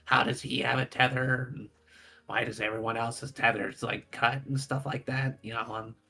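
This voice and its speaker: A man's voice: medium pitch, level tone, moderate pace, creaky, bright, forceful tone, soft background music. A man playing a tabletop game, talking in a joking, laid-back way. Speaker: player. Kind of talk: casual chat.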